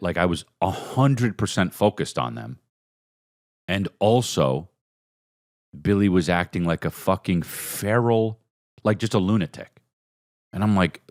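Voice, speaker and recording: A man, hosting a podcast in a rambling, profane, comedic monologue that swings between low mutters and high excited bursts. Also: no room sound, studio quality. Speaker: podcast host.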